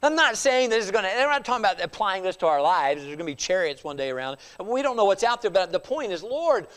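A man's voice: high voice, big pitch swings, fast talker, a bit bright, smooth, in a large hall. A male pastor preaching a sermon in a church, emphatic and conversational with frequent restarts. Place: church sanctuary.

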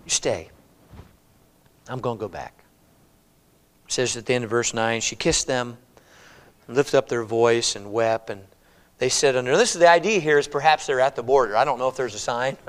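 In a church hall with long reverb, a man delivers a Bible-study sermon at a brisk pace in a mid-range voice. He works through the passage conversationally, giving voice to what each character says.

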